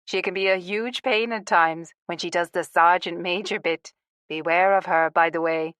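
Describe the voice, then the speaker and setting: Woman doing a bubbly gossipy lady in her sixties, bright and eager, dry close sound. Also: on the low side, steady tone, smooth, no echo, close to an everyday voice. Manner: bubbly, gossipy, quick to confide.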